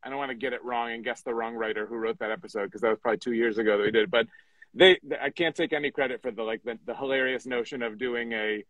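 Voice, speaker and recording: A mid-pitched man from Michigan talks about songwriting in a loose, joking, self-deprecating way. His voice sits close and dry on the mic, with quick asides. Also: steady tone, fairly bright tone, dry recording, lo-fi sound. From Michigan, USA. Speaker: songwriter guest. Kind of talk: casual podcast chat.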